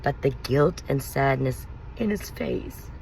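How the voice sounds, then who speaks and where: A woman and mother pours out a painful personal story in a confessional vlog. Her voice has a gravelly fry running through it, and her telling is emotional and rambling. Faint car noise hums behind her. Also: deep voice, animated, moderate pace, rough recording. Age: adult, mother of young children.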